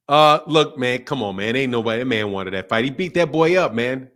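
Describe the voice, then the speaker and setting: A man's voice: mid-range voice, animated, brisk, hardly any pauses, a bit bright. A man hosting a boxing talk stream from home, emphatic and slangy, repeating his points over and over. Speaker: boxing channel host. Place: home indoors.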